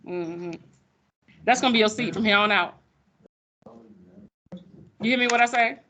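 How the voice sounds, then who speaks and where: A woman's voice: mid-range voice, measured pace, bright, forceful tone, a little hiss or hum. A woman teaching a math class, sassy and playful with her students. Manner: sassy, playful, calls students sugar baby.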